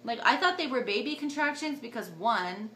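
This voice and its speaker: A young woman vlogger casually telling a personal story to camera, chatty and animated, acting out what others said with sudden jumps in pitch. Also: normal speed, roomy sound, slight background noise.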